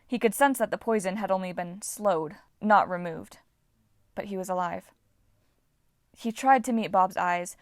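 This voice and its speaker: A woman reading a novel aloud in a steady, expressive storytelling voice. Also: mid-range voice, no echo, studio quality. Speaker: audiobook reader.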